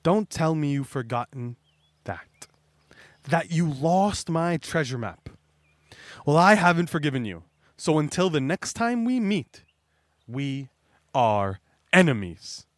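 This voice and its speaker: A man's voice: on the high side, very animated, takes it slowly, long pauses, no room sound. Buggy, a bombastic clown pirate as a man voices him. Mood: angry. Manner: bombastic rallying speeches, yells. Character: boastful loud male clown pirate captain.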